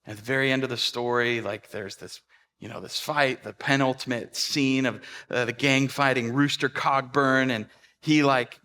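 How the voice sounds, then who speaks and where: A man's voice: mid-range voice, sharp tone. A man preaching a sermon as a pastor, telling stories in a conversational way with fillers and restarts. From Pacific Northwest of the US.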